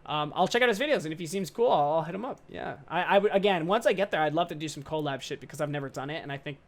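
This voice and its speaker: Young guy rambling on his podcast, kinda high voice, slangy and upbeat, swears a bit. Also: racing. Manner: excitable, upbeat. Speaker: podcast host. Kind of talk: casual podcast monologue.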